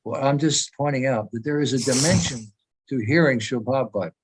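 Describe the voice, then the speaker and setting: Over a video call, a senior devotee speaker from the United States, in his eighties, delivers an informal meeting talk that is emphatic and rambling. He speaks at medium pitch and a fairly quick pace, against a noisy background.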